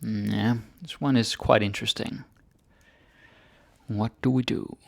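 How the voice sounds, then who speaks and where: A man teaching grammar in a relaxed, chatty way, thinking aloud with fillers. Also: on the low side, unhurried, gravelly. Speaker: Danish language teacher. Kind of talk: casual grammar lesson.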